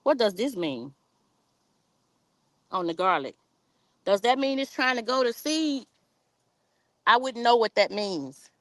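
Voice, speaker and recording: Out in her backyard, a woman hosts a gardening live stream, chatting in a casual way and reading viewer comments aloud in an informal dialect full of "y'all." Her voice is fairly high and expressive, slow, with frequent pauses. There's no echo, and she's recorded on a phone camera set on a tripod.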